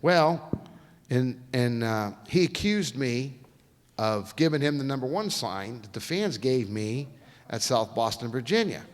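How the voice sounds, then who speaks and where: A folksy male guest speaker tells stories in a lively, swooping voice. He acts out each quote, and his voice rings through a long echoey lecture hall. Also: mid-range voice, measured pace. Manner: folksy, animated storyteller acting out quotes. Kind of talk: storytelling lecture.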